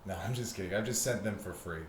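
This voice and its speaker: A man's voice: fairly low pitch, fast, roomy sound, recorded from a distance, low-quality recording. A man hosting his own vlog, ranting in a rambling, swearing, fired-up monologue. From South Florida. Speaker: vlog host.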